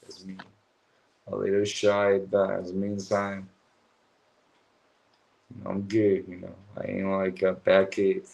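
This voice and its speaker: Sleepy low-voiced man. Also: completely flat delivery, slow, creaky, pauses often, a little mellow, low-quality recording. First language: Chinese. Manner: drowsy, slangy, swears casually. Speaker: livestream host. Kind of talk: late-night livestream chat.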